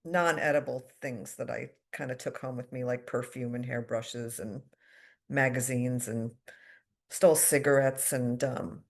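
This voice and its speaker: A woman's voice: rumbling low, steady tone, unhurried, vocal fry. A middle-aged woman from the United States giving a candid, self-deprecating personal recovery share at a twelve-step meeting, with fillers and wry asides.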